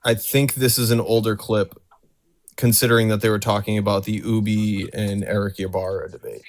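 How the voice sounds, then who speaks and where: A man chatting casually on a stream, telling stories in an excitable, rambling way. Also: fairly low pitch, normal speed, no echo. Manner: rambling, excitable storytelling with restarts.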